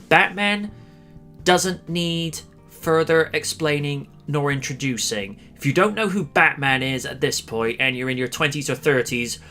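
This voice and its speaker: Brief: male host, bright and sharp tone, rambling, dry humor, casual talk. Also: mid-range voice. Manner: rambling, hesitant, with many fillers and dry jokes. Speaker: podcast host. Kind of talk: casual chat.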